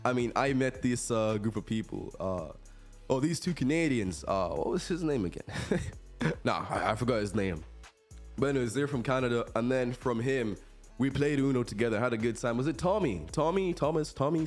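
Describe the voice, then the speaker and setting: An eighteen-year-old man hosting a podcast, telling stories from college in a chatty, animated way and laughing often. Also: mid-range voice, brisk, soft background music. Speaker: podcast host, college student. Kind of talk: casual storytelling.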